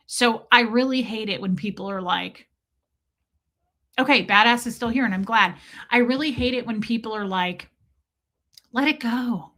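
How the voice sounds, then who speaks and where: A woman's voice: a little high, normal speed, bright, forceful tone. A woman hosting a livestream, chatting casually and candidly with her viewers and swearing freely. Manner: candid and profane, talks straight to chat. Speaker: livestream host. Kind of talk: casual livestream chat reading comments.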